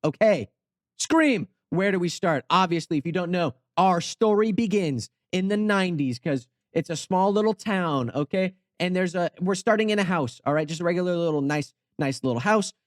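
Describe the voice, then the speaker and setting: A young male host with a high, light voice tells a story in a goofy, rambling way, full of sarcastic asides. He is recorded on a close mic in a dry space with no room echo. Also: expressive, normal speed. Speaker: channel host. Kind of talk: comedic storytelling commentary.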